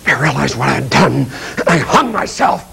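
A man voicing a guilt-ridden traitor tormented in hell, swinging from hushed confession to anguished shouting. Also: medium pitch, big pitch swings, normal speed, creaky, a little hiss or hum, voice pushed down, full character voice. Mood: brooding confession.

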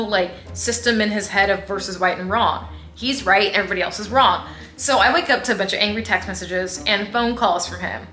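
A woman's voice: medium pitch, sharp tone. A woman vlogger telling a casual storytime in a sassy, blunt way with asides to her viewers. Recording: echoey room, faint music.

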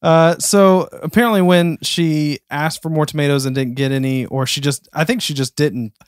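A man's voice: fairly high pitch, fairly even intonation, moderate pace, clean tone, dry recording. A man from Florida co-hosting a podcast, telling news stories in a hesitant, filler-heavy way. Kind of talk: casual chat.

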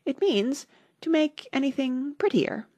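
A woman's voice: medium pitch, big pitch swings, moderate pace, vocal fry, breathy edge, no echo, heavily acted. A woman voicing a polite, curious young girl in a storybook reading, asking questions in a raised voice.

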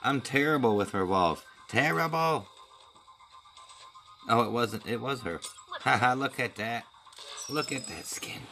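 A man's voice: medium pitch, animated, unhurried, long pauses, bright, forceful tone, faint music behind, low-quality recording. A man giving casual running commentary while opening crates and playing a game, talking to himself. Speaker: gaming video creator.

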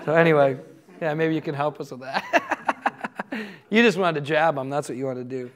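A man's voice: a little high, fairly quick, pauses often. A man giving a conversational teaching talk to a live audience, telling stories in an earnest way. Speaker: conference speaker.

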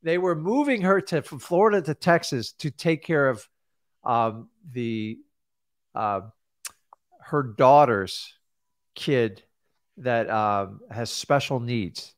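A man coaching in casual talk, telling animated stories and acting out what people said. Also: mid-range voice, slow, pauses often, no room sound, clean studio sound. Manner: animated storyteller acting out quotes. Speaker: real estate coach. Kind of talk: casual mentoring advice.

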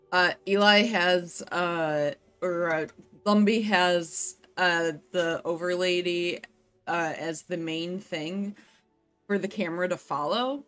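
A woman's voice: lowish voice, fairly bright tone. A woman player in a tabletop game, chatting casually and hesitantly with many fillers. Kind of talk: casual chat.

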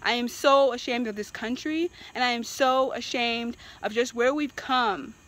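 A woman's voice: fairly high pitch, unhurried, a bit bright, poor audio. A woman from Virginia ranting in a vlog, exasperated and emphatic, repeating herself for emphasis. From Virginia, USA. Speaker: vlogger. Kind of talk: impassioned opinion rant.

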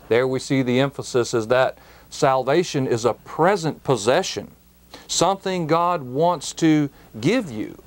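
A man teaching a Bible verse on his program, in an earnest, emphatic preaching manner that lifts on key words. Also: mid-range voice. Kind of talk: slow, deliberate Bible teaching broadcast.

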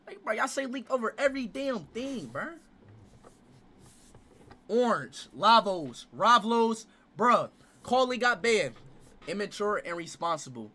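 A young man streaming a racing game, loud, excitable and slangy as he reacts to his chat. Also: high-pitched, moderate pace. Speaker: gaming streamer. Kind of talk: casual live-stream commentary.

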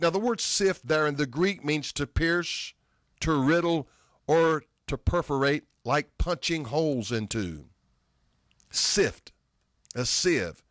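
A middle-aged man preaching a sermon, quoting scripture and slowing down hard on key words for emphasis. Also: fairly high pitch, fairly bright tone, dry recording, studio quality.

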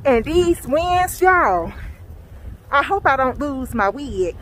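A high-pitched Southern American woman vlogging on her phone outside in the snow. Her voice swoops up and down as she exclaims and calls out to her viewers, and her delivery stays slow and drawn out. Faint wind noise sits behind her. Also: big pitch swings, a bit bright, low-quality recording. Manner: exclaiming and dramatic, calling out to viewers. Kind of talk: casual vlog, talking to camera.

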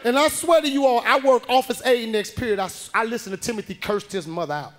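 A man performing a stand-up comedy routine on a club stage, telling a story loudly and acting out the people in it. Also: very high-pitched, fast talker. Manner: loud animated storytelling, acting out the people he quotes.

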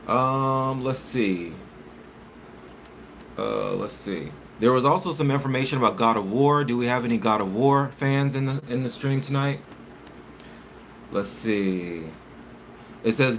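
A man talks to his live-stream chat at a middle pitch, rambling and stumbling as he reads news pieces aloud. A faint hum of room ambience sits behind his voice. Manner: chatty and rambling, reads articles aloud with stumbles and self-corrections. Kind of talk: casual live-stream chat, reading chat messages.

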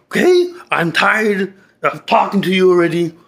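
A man's voice: high-pitched, big pitch swings, normal speed, creaky, fairly bright tone, heavily acted. A man playing a hot-tempered young man in a comedy skit, cursing and insulting his therapist. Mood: defiant.

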